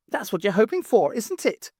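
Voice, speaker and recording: A woman's voice: on the high side, sing-song, normal speed, dark tone, breathy edge, dry recording, studio quality, pitched above the performer's own voice. A woman doing a sarcastic plump cook. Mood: teasing. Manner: blunt and sarcastic. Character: plump earthy female cook, teasing.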